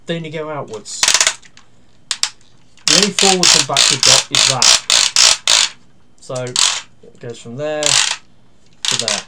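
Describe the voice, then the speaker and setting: A man's voice: medium pitch, expressive. Man talking over clicking plastic noise. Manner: talks through steps while handling a toy, with pauses and fillers; dryly critical and grumbling. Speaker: toy reviewer. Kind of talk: casual toy review and demonstration.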